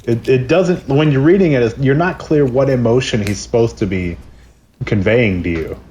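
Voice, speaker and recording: A man chatting casually on a podcast, relaxed and wry, chuckling now and then. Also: medium pitch, moderate pace. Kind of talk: casual chat.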